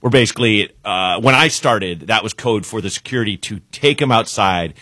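A man's voice: lowish voice, moderate pace, pushed and bright, no room sound. A man who is a stand-up comedian, telling a comic story as a guest on a radio show and laughing through his own punchlines, recorded on a studio microphone.

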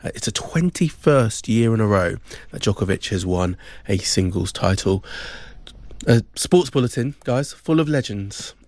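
A man presenting a sports news bulletin, brisk, with frequent ums. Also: fairly low pitch, expressive, a little mellow, no room sound.

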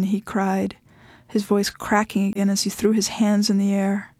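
A woman narrating a story with an even, measured reading. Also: mid-range voice, dry recording. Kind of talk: audiobook narration.

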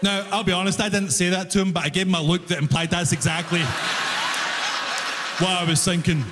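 A man doing stand-up comedy on a music hall stage, telling stories with animated exasperation, often breaking into shouts. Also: sits high, a little fast, crowd noise, background noise. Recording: long reverb of a concert hall.

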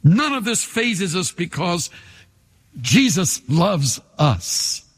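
Older man, pastor, sermon, call-and-response, slow pace, very animated pitch. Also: husky. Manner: leads congregation in call-and-response; emphatic, repetitive phrasing. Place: large church sanctuary. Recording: long hall reverb.

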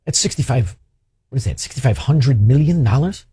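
A man's voice: on the high side, expressive, normal speed, slightly rough, no room sound, clean studio sound. A man hosting a call-in talk show, blunt and heated as he rants. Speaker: radio talk show host.

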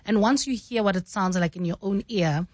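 A woman from South Africa who works as a news anchor, explaining her craft in a measured, emphatic way. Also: medium pitch, darkish tone, no room sound, studio quality. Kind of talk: studio conversation about newsreading.

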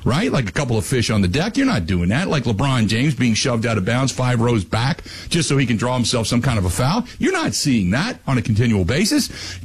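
Husky radio host, animated. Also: male voice. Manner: animated, ranting, voice climbs high when worked up. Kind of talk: casual radio talk and rant.

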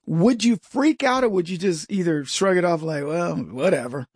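A man's voice: high voice, lively intonation, moderate pace, husky, no echo, clean studio sound. A man hosting a commentary show, talking in a rambling way and mimicking voices in his anecdotes. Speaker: show host. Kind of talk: opinionated commentary.

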